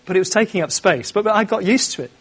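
A middle-aged man preaching a sermon, swinging from quiet asides to loud, repeated refrains. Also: high-pitched, animated, fast, slightly rough. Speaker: pastor.

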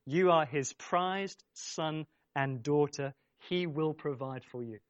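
A man's voice: fairly high pitch, slow pace, no room sound, highs cut off. A man preaching a sermon, speaking emphatically, repeating his phrases and urging the congregation on. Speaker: pastor.

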